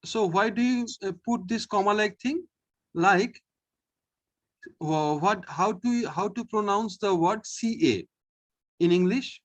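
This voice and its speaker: A man leads an online French lesson, taking it slow and repeating each sound for his pupil. His pitch swings widely as he explains, and his voice carries a faint husky edge. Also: lively intonation, fairly bright tone. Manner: slow, patient, repeats each sound, often says okay. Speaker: French teacher.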